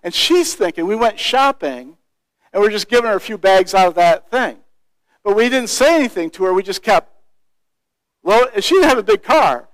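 A man with a fairly high voice tells a personal story as a street evangelist, animated and lively as he acts out other people's lines. The sound is dry and close, with no room echo.

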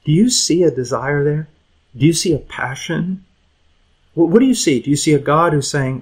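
Husky middle-aged preacher guy, fairly high voice, gets loud then drops way down. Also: normal speed, rough recording. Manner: impassioned, swinging from loud emphasis to hushed. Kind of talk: sermon.

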